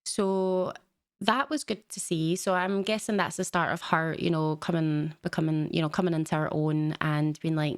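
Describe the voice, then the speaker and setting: A woman's voice: low-pitched, steady tone, normal speed, clean tone, dry recording, clean studio sound. A young woman, recapping a show in a chatty, rambling way with lots of fillers. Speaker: reaction channel host. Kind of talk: casual reaction recap.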